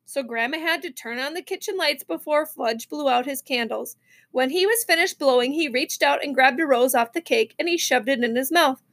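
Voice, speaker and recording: A woman reading a children's novel aloud, expressive, with small slips and restarts. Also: sits high, normal speed. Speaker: reader.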